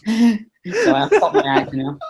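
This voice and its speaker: A middle-aged man, an impressionist, telling a funny story over a video call. He is animated and laughs at his own jokes. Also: very high voice, slow, gravelly, noisy background. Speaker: impressionist and comedian guest. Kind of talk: casual anecdote telling.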